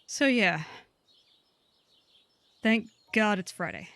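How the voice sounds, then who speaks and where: A woman's voice: mid-range voice, animated, takes it slowly, creaky, fairly bright tone, no room sound. Chatty woman co-hosting a game stream. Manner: chatty, laughs often, rambling asides. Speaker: co-host and game player. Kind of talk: casual chat while streaming a game.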